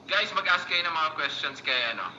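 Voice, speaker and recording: A man with a Filipino accent hosting a casual livestream, excitedly reading out viewer comments and greetings. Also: fairly high pitch, fast. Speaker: livestream host. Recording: echoey, muffled phone stream with faint noise.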